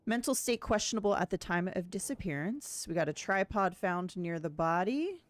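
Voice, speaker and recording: Woman, gameplay streamer, casual commentary, thinking aloud, slightly low voice. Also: animated, moderate pace, dry recording. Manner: chatty, thinking aloud, reading on-screen text. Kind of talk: casual let's-play commentary.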